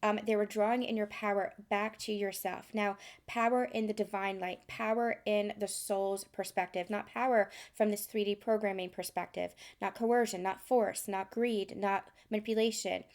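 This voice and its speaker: A woman speaking as a spiritual channeler, explaining her session in soft, flowing, repetitive phrases with frequent ums. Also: medium pitch, steady tone, moderate pace, few pauses. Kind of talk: spoken explanation after channeling.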